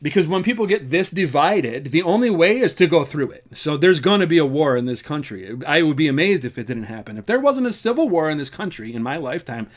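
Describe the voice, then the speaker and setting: A man from the United States talks straight to camera in a loose, earnest vlog ramble, often repeating a phrase and letting out a wry laugh. His voice sits a little higher than most men's. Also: big pitch swings, fairly quick, hardly any pauses. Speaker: vlogger. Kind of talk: casual spoken commentary to camera.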